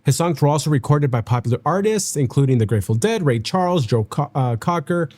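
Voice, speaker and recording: A man's voice: a little high, animated, brisk, darkish tone. A young man hosting a reaction video, chatting casually and reading notes aloud, often stumbling over names and correcting himself.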